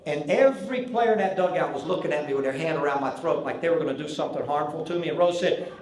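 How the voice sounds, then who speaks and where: A man in his sixties from North Carolina with a Southern accent, telling folksy, animated stories as a banquet keynote speaker. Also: a little high, quick pace. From Charlotte, North Carolina. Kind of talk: after-dinner storytelling speech. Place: large banquet hall. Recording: echoey banquet hall with faint ambience.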